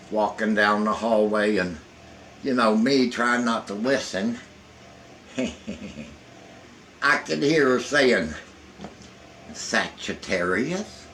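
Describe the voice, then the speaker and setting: An older man with a drawl tells rambling, folksy jokes at an unhurried pace. His voice sits at an ordinary pitch, and there is a faint hum of noise behind him in the room. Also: a bit bright, low-quality recording. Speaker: storyteller. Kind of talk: casual folksy joke-telling. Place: indoors in a hot room.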